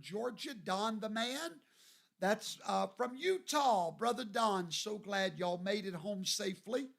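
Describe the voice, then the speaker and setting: A man from Louisiana, hosting a livestream and greeting viewers by name in a folksy, drawn-out way. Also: high-pitched, creaky, fairly bright tone. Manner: folksy, drawn-out, reads viewer names aloud. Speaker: show host.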